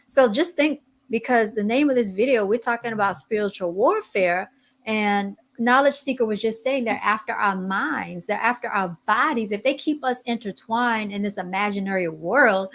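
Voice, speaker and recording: Chatty woman podcast host. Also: mid-range voice. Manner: chatty, animated, reads posts aloud while searching online. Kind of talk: casual chat.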